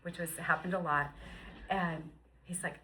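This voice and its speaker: A woman in her fifties tells her faith story in a bright, clear, ringing voice. She is emotional and animated, and she acts out quotes as she goes. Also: lowish voice, a little slow, a little hiss or hum, poor audio. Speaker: guest sharing her story. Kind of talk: personal faith testimony.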